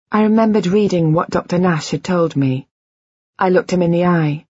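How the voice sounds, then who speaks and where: A woman narrating a novel in the first person, measured and quiet. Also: lowish voice, slightly rough, no room sound, dull audio. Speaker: audiobook narrator.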